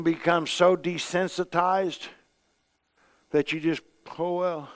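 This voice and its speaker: A middle-aged man preaching a sermon in a folksy, conversational way, swinging between loud emphatic bursts and quiet asides. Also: on the high side, steady tone, slow.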